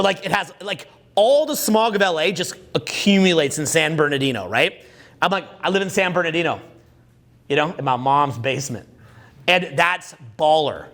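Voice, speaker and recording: High-voiced, crude joking seminar man. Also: sharp tone. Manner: crude, joking, quizzes the audience. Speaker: dating coach. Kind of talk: live seminar talk.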